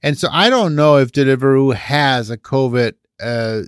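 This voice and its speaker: A man's voice: medium pitch, moderate pace, clean tone, no room sound, clean studio sound. A man co-hosting a podcast, reasoning aloud and often checking for agreement. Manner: questioning, seeks agreement with "right?". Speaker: podcast co-host. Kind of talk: casual chat.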